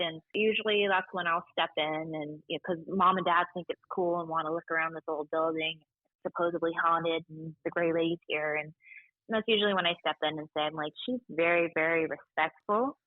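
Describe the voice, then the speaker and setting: Lively library staffer, a woman, slightly low voice, tinny phone-quality recording. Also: a little fast, no room sound. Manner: chatty, animated, acts out quoted voices. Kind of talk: casual storytelling interview.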